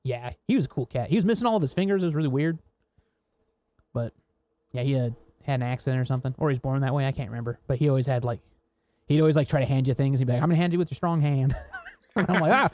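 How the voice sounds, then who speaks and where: An American podcast co-host speaks fast in a mellow, mid-range voice. In casual chat he recounts rambling work stories, laughing often and swearing freely.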